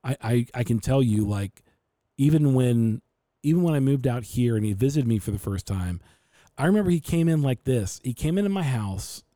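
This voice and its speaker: Guy on a podcast telling stories, dark mellow voice, dry room, acts out his dad. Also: mid-range voice, moderate pace, dry recording. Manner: animated storyteller who acts out his dad's voice. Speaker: podcast host. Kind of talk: casual storytelling chat.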